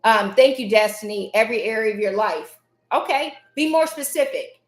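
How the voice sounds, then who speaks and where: Woman, motivational live-stream host, emphatic, repeats key phrases, somewhat high voice, echoey room. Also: lively intonation, moderate pace. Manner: emphatic, repeats key phrases, reads chat names aloud.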